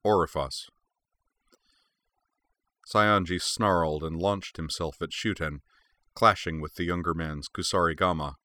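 A man narrates an audiobook in a steady, measured reading. His voice sits low, and the recording is dry and studio quality.

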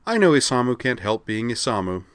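A man's voice: medium pitch, big pitch swings, fairly quick, fairly bright tone, no echo, pitched above the performer's own voice. Impish cheerful young woman engineer, man reading.

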